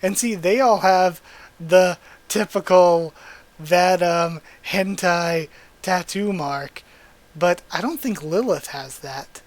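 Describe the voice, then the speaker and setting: Manga read-aloud, reaction host, middle pitch, voices the lines, stops to comment, small restarts. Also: slow pace. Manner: reads character lines aloud and breaks off to comment and laugh; frequent restarts and small corrections while reading.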